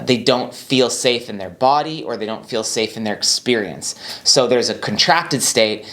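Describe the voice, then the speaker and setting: A calm man who works as a doctor, coaching viewers through helping someone with anxiety in a relaxed, talk-to-camera style. He is unhurried and reassuring, and he repeats himself to make his points land. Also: mid-range voice. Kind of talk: casual instructional talk to camera.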